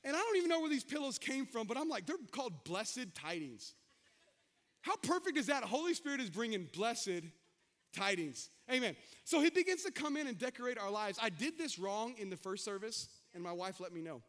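A pastor delivers a sermon in a very high, bright voice that rings out as he calls to the congregation. He moves between shouted exhortations and folksy, joking asides, speaking fairly quickly and expressively.

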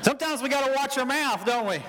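A man's voice: very high voice, fast talker, fairly bright tone. A man preaching a sermon with folksy storytelling, calling out to his congregation for responses. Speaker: pastor. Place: church hall. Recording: long hall reverb.

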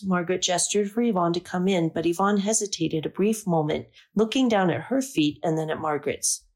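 A woman narrating a story aloud in a calm, measured reading. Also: lowish voice, vocal fry. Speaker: audiobook narrator.

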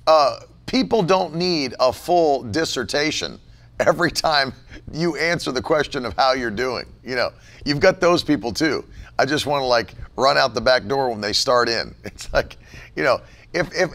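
Gravelly, lively-voiced male preacher. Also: on the high side. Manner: emphatic, chuckles, mimics everyday phrases. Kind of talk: sermon.

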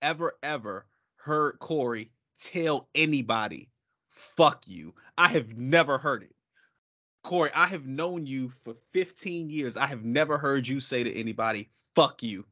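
A man co-hosting a casual sports podcast, talking in an animated, profane way and breaking into quick impressions of people. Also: mid-range voice. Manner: animated, profane, mimics voices mid-rant. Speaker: podcast co-host.

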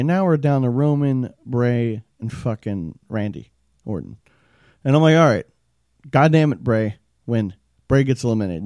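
A man's voice: mid-range voice, dark tone, dry recording, clean studio sound. A young man ranting casually as a show host, rambling, profane and exasperated. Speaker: show host reviewing wrestling. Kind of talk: casual rant.

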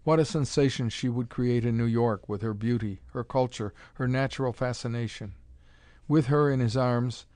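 A man reading a pulp adventure story aloud in a dramatic, measured narration. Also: medium pitch, darkish tone, dry recording.

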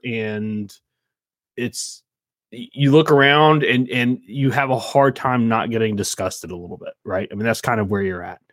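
A man's voice: mid-range voice, a bit bright, no echo. A man narrating as game master of a tabletop game, casual and rambling. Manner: casual, rambling, laughs often.

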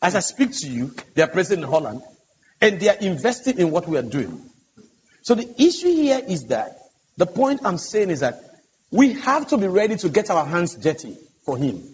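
Male pastor panelist, fairly high voice, earnest storyteller; dull, hissy hall recording. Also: very animated, moderate pace. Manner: earnest, emphatic retelling of dialogue. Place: large conference hall. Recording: dull, echoey conference hall audio with hiss.

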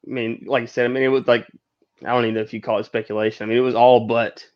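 A man in a casual podcast chat, rambling with lots of "I mean" and "like" as he shares his excitement. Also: medium pitch, very fast, dull audio.

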